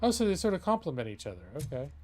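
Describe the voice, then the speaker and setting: A man's voice: fairly high pitch, sing-song, very fast, darkish tone, faint music behind. A man chatting casually while playing a game live, rambling and breaking off mid-thought. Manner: chatty, rambling, self-interrupting. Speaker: gaming streamer and lawyer. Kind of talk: live let's-play commentary.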